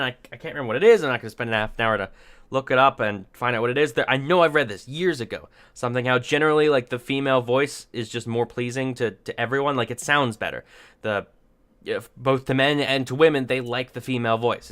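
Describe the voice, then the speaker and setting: A man's voice: medium pitch, fairly bright tone, clean tone. A man giving unscripted opinion commentary, thinking aloud in rambling sentences with many restarts and dry, sarcastic asides. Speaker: commentary vlogger.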